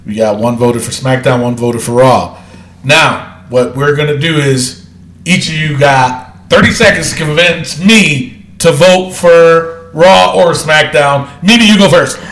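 A man's voice: on the high side, measured pace, a bit bright. A man hosting a casual wrestling podcast, laughing often and talking in a loose, profane way. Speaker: podcast host. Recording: roomy echo.

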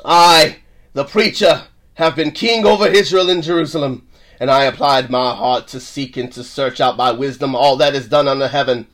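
A man voicing a weary old King Solomon in a put-on British accent, reading in a solemn, measured way. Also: mid-range voice, a bit bright, pitched below the performer's own voice, natural voice.

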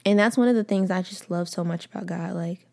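A woman's voice: lowish voice, a little fast, creaky, a little mellow. A young woman hosting a faith podcast, talking casually and earnestly, often calling listeners y'all and repeating phrases for emphasis. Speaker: podcast host.

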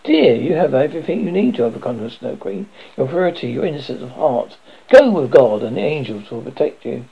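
Man reading wise old woman, calm, reassuring, gravelly, dull lo-fi sound. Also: medium pitch, brisk, exaggerated voice. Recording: dull lo-fi recording.

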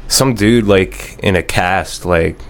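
A man's voice: low voice, slow. A man from New Jersey on a casual podcast, answering in a laid-back, short way. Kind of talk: casual chat.

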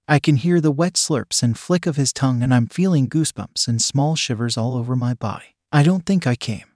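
A man's voice: mid-range voice, fairly quick, few pauses, darkish tone, no echo. Man reading a story, dry sound. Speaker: story reader. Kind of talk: scripted narration.

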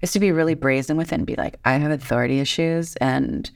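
Wry low-voiced woman guest. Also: fast, vocal fry, darkish tone. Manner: candid, wry and playful. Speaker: podcast guest. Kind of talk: casual conversation.

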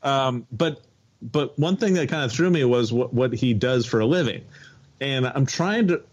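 Wry deadpan male podcast co-host. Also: medium pitch, normal speed, slightly rough, lo-fi sound. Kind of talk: comedic casual chat.

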